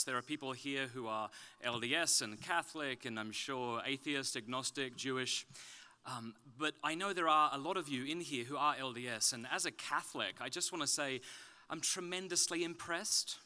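Australian man with a bright, sharp voice. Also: on the high side, clean tone. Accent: Australian, softened toward British. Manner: dry self-deprecating humor. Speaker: conference speaker. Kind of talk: humorous conference talk. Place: conference venue.

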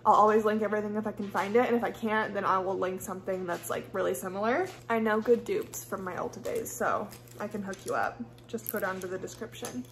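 A woman's voice: medium pitch, steady tone, brisk. A young woman from the US Midwest with a Valley girl accent, chatting casually and rambling while doing her makeup at home. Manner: chatty, rambling, heavy use of "like". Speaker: beauty vlogger. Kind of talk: casual get-ready-with-me chat.

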